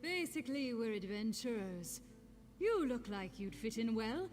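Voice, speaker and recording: A woman's voice: on the high side, big pitch swings, a little slow, darkish tone. An actress playing a friendly, persuasive Nord adventurer woman in a video game, with a mixed Celtic-sounding accent. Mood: recruiting. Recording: game audio with long reverb and faint music.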